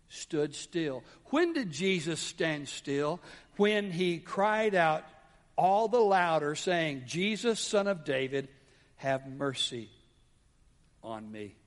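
In what sounds like a large church hall, a long reverb trails a male pastor's high-pitched sermon. His delivery is dramatic, swinging from soft, low drops to raised exclamations.

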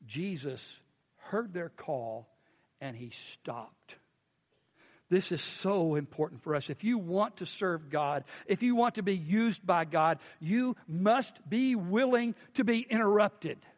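A man preaching a sermon as pastor, animated and firing questions at the congregation. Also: high-pitched, slow pace, big-room sound.

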